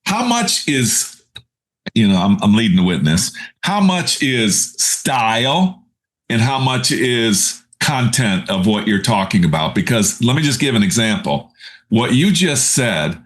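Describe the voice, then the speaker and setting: A man's voice: medium pitch, a bit bright. A middle-aged man hosting a podcast over a video call, asking long, enthusiastic questions that wander a bit. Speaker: podcast host. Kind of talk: casual podcast interview.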